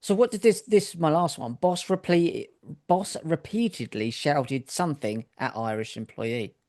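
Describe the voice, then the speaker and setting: A man's voice: on the high side, unhurried, a little mellow. A man from Britain co-hosting a podcast, reading news stories aloud with jokey asides. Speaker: podcast co-host.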